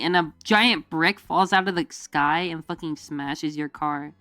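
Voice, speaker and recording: A woman's voice: deep voice, a little slow, fairly bright tone, no room sound. A woman chatting casually on a livestream, close and dry at the mic. She rambles from one idea to the next, full of fillers and laughing as she goes, with faint music playing underneath. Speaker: streamer. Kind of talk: casual chat.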